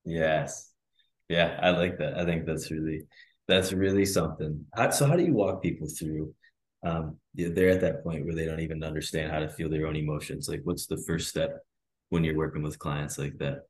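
A man's voice: very deep voice, normal speed. A man hosting a podcast interview, supportive and asking open questions. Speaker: podcast host.

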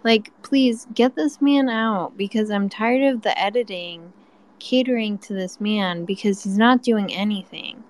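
A woman's voice: mid-range voice, measured pace, low-quality recording. A woman calling into a live chat room, ranting angrily and swearing heavily. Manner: angry, heavy swearing. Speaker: caller. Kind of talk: heated rant.

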